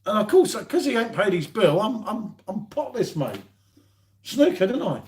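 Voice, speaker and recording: Bantering man, pitched a bit high. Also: big pitch swings, moderate pace, darkish tone. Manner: joking banter, calls everyone mate. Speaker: co-host of a live beer stream. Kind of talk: casual chat.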